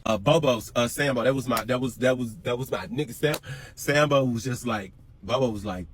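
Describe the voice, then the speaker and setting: A man's voice: medium pitch, fast, a little hiss or hum. A man telling a personal prison story in an emphatic, profane, repetitive way. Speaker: storyteller in a reacted clip. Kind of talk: emotional storytelling.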